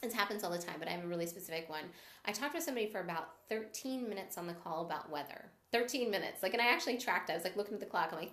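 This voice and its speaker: A woman's voice: mid-range voice, expressive, rapid-fire, a bit bright. Upbeat woman coaching in an echoey room. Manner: upbeat and encouraging, greets viewers mid-talk. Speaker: sales coach. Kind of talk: live-stream sales training.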